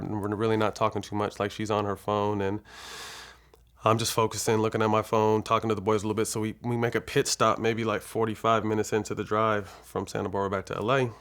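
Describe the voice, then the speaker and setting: A man with a low, gravelly voice recounts a personal story as an interview guest. He talks in a loose, laid-back way, full of fillers and swearing. His tone stays casual and conversational. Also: a bit bright. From California. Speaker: interview guest, former basketball player.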